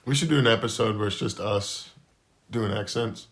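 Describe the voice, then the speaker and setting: A low-pitched man talking easily in a garage podcast, unhurried and offhand. He drifts through his points with a drawl and the odd curse. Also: a bit bright. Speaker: podcast co-host. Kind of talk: casual chat.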